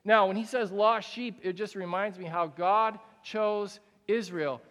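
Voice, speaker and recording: A man's voice: high voice, a little slow, a bit bright. A young man preaching a sermon to a congregation in a large room, speaking in a candid, conversational way with frequent casual fillers. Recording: long hall reverb.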